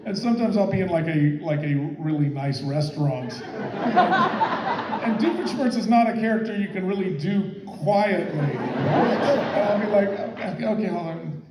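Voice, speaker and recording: Wry man on a convention panel, high animated voice, echoey hall, heavy noise. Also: moderate pace. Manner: wry, self-mocking. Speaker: show creator on a panel. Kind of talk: joking panel talk.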